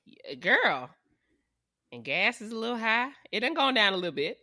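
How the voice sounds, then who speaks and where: A woman's voice: fairly high pitch, sing-song, moderate pace, bright, forceful tone, no echo, clean studio sound. A woman, co-hosting a podcast in frank, profane casual chat. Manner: frank, profane, laughing often. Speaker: podcast co-host.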